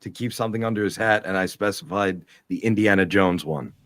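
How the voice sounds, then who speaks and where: A man co-hosting a casual commentary podcast, measured and a little dismissive. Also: low voice, a bit bright, no room sound.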